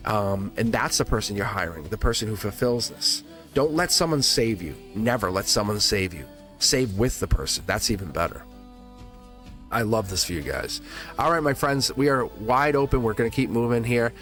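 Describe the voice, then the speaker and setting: A fairly low-voiced man runs a live tarot reading in a loose, chatty way, encouraging his viewers and laughing often. He restarts words as he goes. Faint music plays behind him. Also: expressive, moderate pace, a bit bright. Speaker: tarot reader hosting a livestream.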